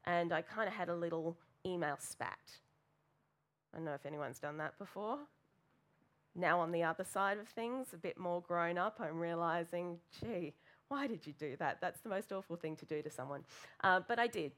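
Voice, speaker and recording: Candid woman preaching, slightly low voice. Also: moderate pace, fairly bright tone. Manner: candid, self-deprecating storytelling with fillers. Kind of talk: sermon with personal story.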